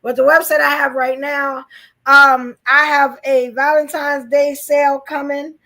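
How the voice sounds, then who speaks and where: High, gravelly-voiced woman podcast host. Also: level tone, unhurried, sharp tone. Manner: chatty, repeats "you know what I'm saying". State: losing her voice. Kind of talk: casual live-stream chat.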